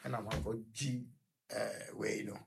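A man with a Ghanaian accent, a guest on a radio talk show, telling a personal story in a halting, rambling way, full of fillers and restarts. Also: on the low side, flat delivery, gravelly, background noise. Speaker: guest recounting his experience.

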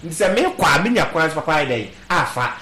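Animated Ghanaian man, high and lively. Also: fast, echoey room. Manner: animated, emphatic, mixes Twi and English. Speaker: political caller or panelist. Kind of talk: impassioned call-in political talk.

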